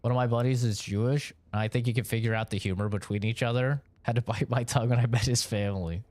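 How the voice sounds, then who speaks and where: A man's voice: mid-range voice, fairly even intonation, fast talker, darkish tone, no room sound. A young man from Oregon, chatting casually with his stream chat in a rambling, profane way, laughing between points.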